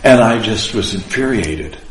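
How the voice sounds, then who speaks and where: A man who is an Orthodox priest, telling a personal spiritual story in an earnest, deliberate, emotional way. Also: fairly low pitch, expressive. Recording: roomy echo.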